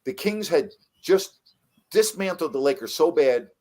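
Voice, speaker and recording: A middle-aged man, a veteran sports broadcaster, telling stories in a casual chat with lively jumps in his voice for emphasis. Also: a little high, measured pace. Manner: animated storyteller, voice jumps up for emphasis.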